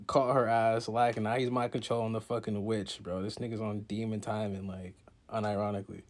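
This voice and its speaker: A young man casually recapping a manga chapter in slangy, profane talk, jumping into character voices in excited bursts. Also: lowish voice, brisk. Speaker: content creator recapping a manga.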